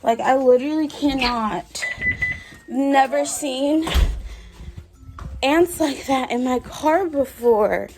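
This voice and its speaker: A young woman vlogging casually to her viewers from her car, expressive and exasperated, calling them y'all. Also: sits high, slow, pauses often. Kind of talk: casual vlog talk to camera. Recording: background music under voice.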